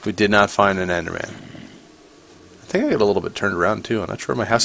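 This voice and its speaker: A man's voice: fairly low pitch, a little fast, creaky, fairly bright tone. A man casually commenting as he plays a video game, chatty and playful, talking to the creatures on screen. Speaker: gaming channel host. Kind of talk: casual let's-play commentary.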